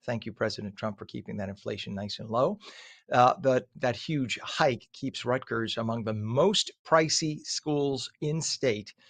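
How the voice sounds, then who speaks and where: A man's voice: medium pitch, measured pace, creaky, fairly bright tone, dry recording. A man hosting a morning radio show, reading traffic and news with blunt, opinionated asides in a casual way.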